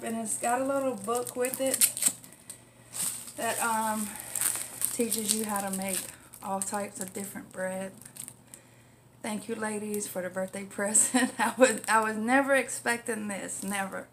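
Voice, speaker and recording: A woman's voice: on the high side, fairly even intonation, a little slow, slight background noise. A woman vlogger chatting casually through an unboxing, laughing often, using salty language and getting emotional while thanking friends. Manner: emotional, near tears when thanking.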